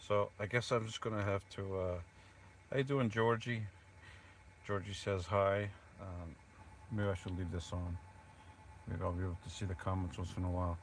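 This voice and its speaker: A man live-streaming from inside his van on a rainy night, talking quietly into a phone propped close to him. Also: deep voice, fairly even intonation, moderate pace, pauses often, slight background noise. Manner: talks quietly, keeping his voice down. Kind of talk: casual live stream chat.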